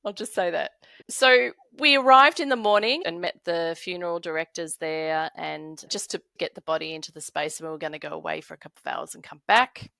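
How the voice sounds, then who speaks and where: A woman's voice: on the low side, fairly quick, vocal fry, sharp tone, no echo. A middle-aged woman from Australia telling a story as a podcast guest, laughing often and acting out the voices of the people in it. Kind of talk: animated storytelling.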